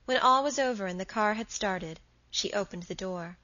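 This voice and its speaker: A woman reads a novel aloud as an audiobook, in a measured and expressive way. Her voice is bright and clear, and the recording sounds slightly dull. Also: medium pitch, no echo. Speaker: audiobook narrator. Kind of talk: scripted narration of a novel.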